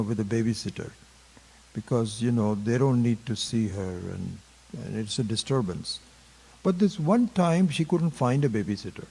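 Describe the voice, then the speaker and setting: A man teaching a Vedanta class, telling a story slowly with many pauses and fillers. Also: medium pitch, dark tone. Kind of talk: spiritual lecture with story.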